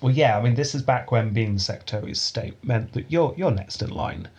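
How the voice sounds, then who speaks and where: A man hosting a casual history podcast, telling the story in a relaxed way with frequent chuckles. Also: mid-range voice, fairly quick, slightly rough. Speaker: podcast host. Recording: dull lo-fi sound.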